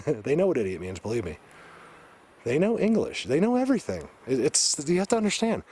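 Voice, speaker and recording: A man vlogging while hiking through a forest, excitedly pointing things out to his viewers in casual walk-and-talk. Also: mid-range voice, brisk, breathy edge. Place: forest outdoors, hiking uphill.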